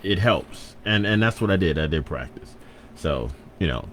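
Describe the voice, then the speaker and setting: A man's voice: low-pitched, sing-song, measured pace, fairly bright tone, a little hiss or hum. A man from hosting a casual radio show, playful and self-correcting as he hypes the listeners.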